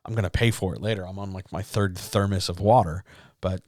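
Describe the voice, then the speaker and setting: A man's voice: low voice, fairly even intonation, a little fast, darkish tone, dry recording, clean studio sound. A man as a writing coach hosting a casual livestream Q&A, chatty and upbeat, talking straight to his chat through a podcast mic. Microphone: studio podcast mic.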